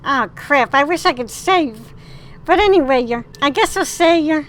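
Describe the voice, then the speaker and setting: Woman gamer, high voice, reads game text aloud, expressive, swears casually. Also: a little slow. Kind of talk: reading a text adventure aloud.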